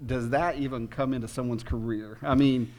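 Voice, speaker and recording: A man's voice: medium pitch, fairly even intonation, moderate pace, a little mellow. A man interviewing a guest at a convention panel, eager and casual. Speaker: interviewer host.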